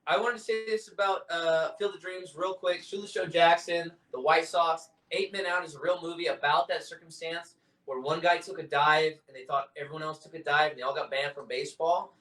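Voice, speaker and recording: Enthusiastic male co-host, fairly high voice, a bit off-mic in an echoey room. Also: fairly even intonation, brisk, bright, forceful tone, far from the mic. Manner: enthusiastic, retells movie scenes with quotes. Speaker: podcast co-host. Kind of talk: casual movie chat.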